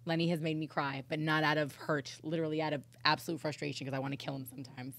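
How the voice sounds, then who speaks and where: A woman's voice: sits low, flat delivery, quick pace, a bit bright. A woman co-hosting a podcast, talking frankly and casually with plenty of fillers. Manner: chatty, frank, many "like" fillers. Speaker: podcast co-host.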